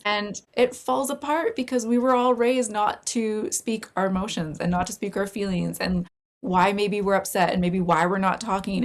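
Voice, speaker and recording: A woman's voice: mid-range voice, vocal fry. A woman guest on a podcast, a holistic healing practitioner, talking chattily and candidly with lots of "like" fillers. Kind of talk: casual conversational interview.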